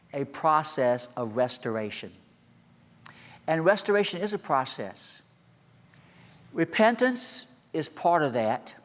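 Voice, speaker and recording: A man in his sixties, a senior pastor, preaching a sermon and telling a childhood story, moving between quiet asides and raised, emphatic calls. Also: high voice. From American. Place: church sanctuary. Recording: long hall reverb.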